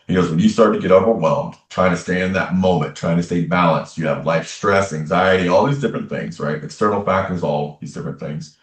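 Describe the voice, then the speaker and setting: A man's voice: low-pitched, brisk, roomy sound, recorded from a distance. A man being interviewed as a spiritual medium, telling his personal story in an earnest way and repeating phrases for emphasis. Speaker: interview guest, tarot reader and medium.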